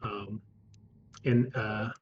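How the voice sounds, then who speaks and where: A man narrating as game master of a tabletop role-playing game, halting with frequent ums and restarts. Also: lowish voice, flat delivery, lo-fi sound.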